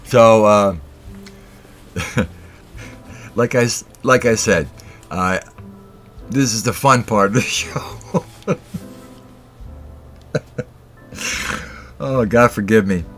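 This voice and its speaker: A man's voice: fairly low pitch, very slow, long pauses, a bit bright. A man hosting a casual livestream chat, giggling constantly and breaking into laughter mid-sentence. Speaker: livestream host.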